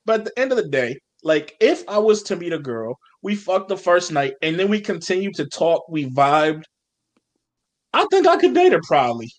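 A man's voice: high voice, sing-song, normal speed. A man co-hosting a casual podcast chat, blunt and laid-back, swearing freely. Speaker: podcast co-host.

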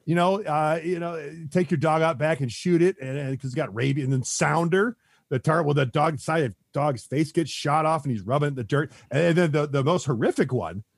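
A man's voice: a little high, moderate pace, gravelly, breathy edge, no room sound, clean studio sound. A man chatting as a podcast guest, rambling with lots of fillers and restarts and chuckling often. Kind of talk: casual podcast chat.

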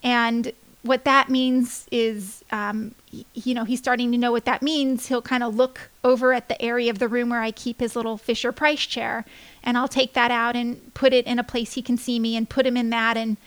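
A woman's voice: on the high side, little pitch movement, normal speed, smooth. A young woman hosting a casual diary-style podcast, rambling along with many fillers and restarts. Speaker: podcast host, parent.

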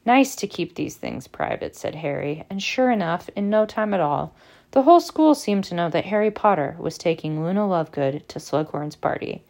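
Give me a woman narrating a novel with a gravelly, fry-touched voice. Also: on the low side. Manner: measured, expressive storytelling. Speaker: audiobook narrator. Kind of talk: audiobook narration.

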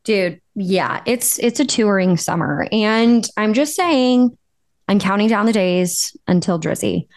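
A woman co-hosts a podcast in a casual chat, blunt and teasing, swearing freely. Her medium-pitched voice is animated yet a little slow, in clean studio sound with no echo.

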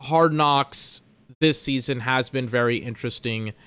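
A man's voice: mid-range voice, measured pace, a bit bright, clean tone, dry recording. A young man hosting a solo podcast, ranting in exasperation about his schedule and swearing freely. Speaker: podcast host.

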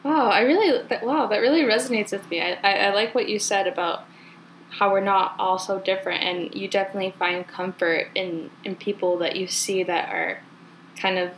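A young woman hosts a podcast in a casual, chatty way, and she keeps the talk going with encouragement. Her voice sits at a middle pitch, with a faint noise under the recording. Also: moderate pace, poor audio. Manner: chatty, laughs easily, encouraging. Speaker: podcast host. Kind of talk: casual chat.

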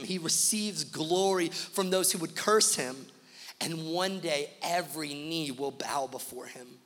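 A man's voice: fairly high pitch, fairly bright tone, big-room sound. A man pastor preaching a sermon, driving his points home with rhythmic repeated lists.

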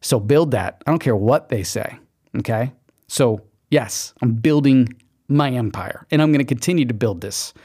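A man's voice: mid-range voice, moderate pace, a little mellow, breathy edge. Man, podcast host, motivational monologue, emphatic, mock inner-voice asides. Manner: emphatic, pep-talk delivery with repeated okays.

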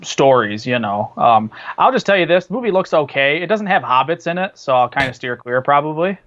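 Guy rambling casually on a podcast, fillers everywhere, kinda higher voice, dull muffled audio. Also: sing-song, fairly quick, fairly bright tone. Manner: chatty, rambling, many fillers and restarts. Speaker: podcast co-host. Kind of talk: casual chat about movies and TV.

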